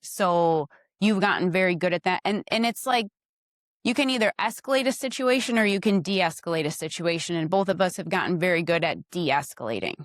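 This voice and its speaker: With a lowish, expressive voice and a fairly quick pace, a woman speaks frankly about her marriage as a guest on her husband's podcast. She offers direct advice and acts out little dialogues in a casual chat. The sound is dry and clean, studio-style.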